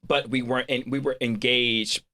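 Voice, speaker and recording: A man's voice: mid-range voice, steady tone, moderate pace, bright, forceful tone. A man hosting an interview, framing questions and adding frequent "right?" tags. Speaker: host.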